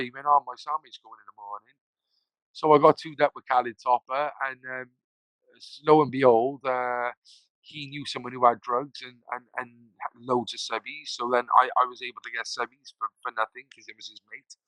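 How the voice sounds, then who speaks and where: Man, podcast guest; bright, forceful voice, dry close sound, loose rambling storytelling with swearing. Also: mid-range voice, no room sound, rough recording. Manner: rambling, swears freely, acts out quoted voices. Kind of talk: casual storytelling.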